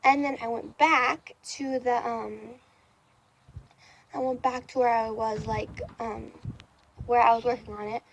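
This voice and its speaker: A young woman vlogger talks straight to her camera in a casual storytime. Her voice sits a little high, and she rambles through the tale with plenty of ums, likes and false starts. A faint hiss runs underneath. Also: level tone, measured pace, gravelly, long pauses, poor audio. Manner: rambling, many fillers and restarts. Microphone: camera facing speaker.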